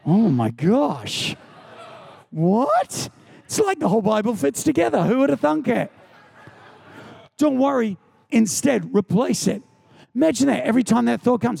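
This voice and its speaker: A man preaching a sermon in a high voice with a gravelly edge. He talks in an animated, storytelling way and hammers points home by repeating them. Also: a little slow, long pauses. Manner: animated, storytelling, emphatic repetition. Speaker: pastor.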